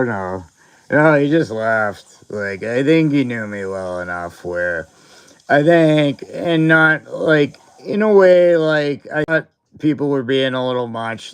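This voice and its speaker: A man's voice: mid-range voice, smooth. A man hosting a livestream, telling a story from school in a loose, rambling way, full of filler words and breaking into laughs. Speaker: livestream host. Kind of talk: casual storytelling chat.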